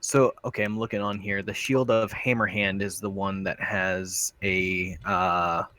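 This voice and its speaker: A man's voice: low-pitched, little pitch movement, measured pace, sharp tone. A man chatting casually about a game, hesitantly looking up and checking item details. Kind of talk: casual gaming chat.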